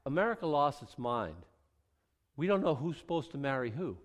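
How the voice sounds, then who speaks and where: A man preaching a sermon with a slightly high voice that rings through a hall with a long reverb. He is animated and wry, acting out voices of the characters in the scripture he reads. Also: moderate pace. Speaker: pastor.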